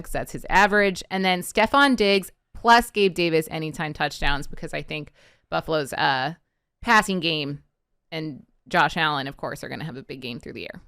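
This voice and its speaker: A woman's voice: low-pitched, fairly bright tone, clear, resonant tone, dry recording, clean studio sound. A woman on a sports betting panel, chatting casually about her picks with plenty of "like" and "um". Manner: chatty, fills with "like" and "um".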